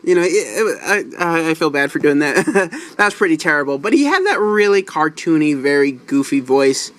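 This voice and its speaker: A man's voice: on the high side, expressive, normal speed, fairly bright tone. Chatty man reviewing a toy. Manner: chatty, apologetic, many fillers. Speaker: toy reviewer, channel host.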